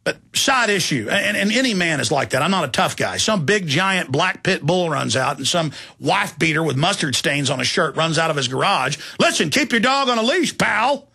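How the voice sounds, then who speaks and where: A man's voice: a little high, lively intonation, moderate pace, creaky, few pauses, sharp tone, husky. A middle-aged man hosting a talk radio show, telling rambling, digressive stories in a heated, indignant way.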